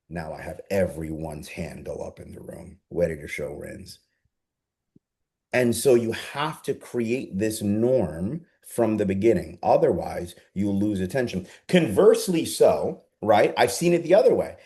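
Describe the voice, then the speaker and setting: A man coaching a group live on a video call, energetic and persuasive, often asking his audience rhetorical questions. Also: fairly low pitch, normal speed. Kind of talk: live online coaching session.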